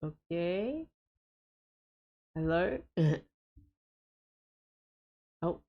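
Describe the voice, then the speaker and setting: A woman's voice: fairly low pitch, animated, drawn-out words, lo-fi sound. A woman streaming a co-op game with friends, chatting casually and hesitantly with lots of fillers and frequent giggles.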